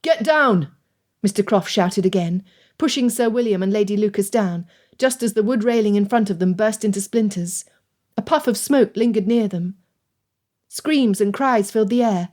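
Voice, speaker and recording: A woman's voice: mid-range voice, moderate pace. Woman reading a period romance audiobook. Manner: expressive, dramatic reading. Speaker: audiobook narrator. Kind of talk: scripted narration.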